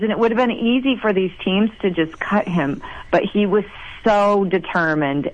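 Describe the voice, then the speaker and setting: A woman from South Dakota, a mayor, telling stories in a casual interview with animated, gushing energy. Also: low-quality recording. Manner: animated, gushing, acts out quotes in a higher voice.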